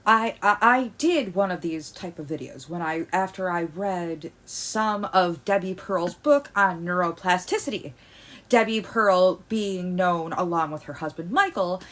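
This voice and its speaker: A woman vlogger ranting in heated commentary. She stammers through restarts and swings from loud outbursts to quiet muttering. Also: on the low side. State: agitated.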